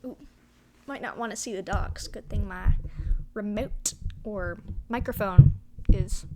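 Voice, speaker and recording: A woman's voice: medium pitch, unhurried, noisy background. A young woman chatting casually at home for her vlog, giggly and full of fillers, often trailing off and restarting. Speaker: vlogger. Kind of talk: casual rambling vlog chat.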